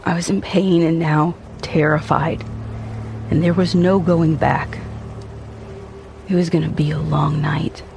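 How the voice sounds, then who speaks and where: A man's voice: a little high, little pitch movement, a little slow, long pauses, noisy background. Brooding man narrating a haunted tale. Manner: intense, brooding, haunted storytelling. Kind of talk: dramatic first-person audio drama narration.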